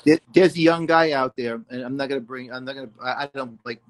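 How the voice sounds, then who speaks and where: A man's voice: mid-range voice, fast. A man in his sixties, a guest musician, telling long rambling stories in a casual interview, full of restarts and "you know".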